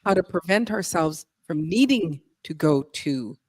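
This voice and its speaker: Low-voiced woman, thoughtful and halting. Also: animated, a little mellow, no room sound. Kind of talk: casual live-stream chat.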